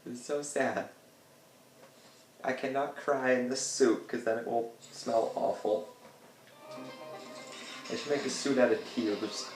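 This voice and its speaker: A man rambling and joking through casual gameplay commentary, breaking into loud outbursts now and then. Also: medium pitch, measured pace, long pauses. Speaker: gameplay video host. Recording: echoey room with game music behind.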